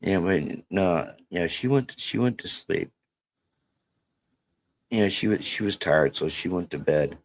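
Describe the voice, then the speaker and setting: A man's voice: low-pitched, animated, unhurried, pauses often. A man hosting a livestream, reading out viewer messages in an emotional, earnest way. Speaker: livestream host.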